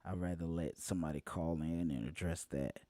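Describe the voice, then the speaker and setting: A man hosting a live talk show, speaking casually, often laughing and repeating phrases for emphasis, slowing down to stress points. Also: low-pitched, fairly even intonation, dark tone, no room sound. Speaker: show host.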